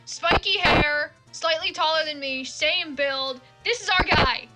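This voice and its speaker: A woman's voice: sits high, measured pace, loud music behind the voice. A young woman streaming a game, rambling and swearing in casual commentary. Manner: swears a lot, rambling, laughing asides. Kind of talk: casual let's-play commentary.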